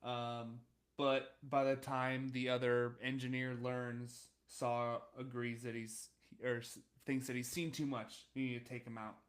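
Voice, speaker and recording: Relaxed male podcast co-host recapping. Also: mid-range voice, unhurried. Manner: relaxed, recaps episode plots with fillers. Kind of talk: casual chat.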